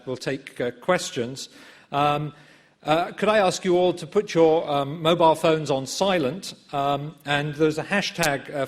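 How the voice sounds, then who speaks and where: A middle-aged man introducing a guest speaker as chair, with frequent fillers. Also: a little high. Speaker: event chair. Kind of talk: formal introduction. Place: large lecture theatre.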